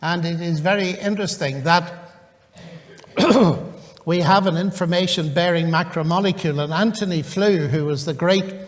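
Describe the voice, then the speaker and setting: High-voiced male storyteller in a reverberant hall. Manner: lively storyteller, dry humour, plays both sides of a conversation. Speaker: university professor giving a public talk. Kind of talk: anecdotal lecture with recounted dialogue.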